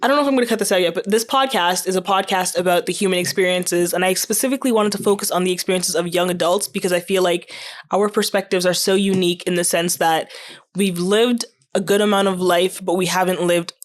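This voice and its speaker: A woman's voice: lowish voice, fairly even intonation, fast talker. Young woman hosting her podcast, bubbly and playful, laughs a lot. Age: young adult. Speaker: podcast host. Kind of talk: casual chat.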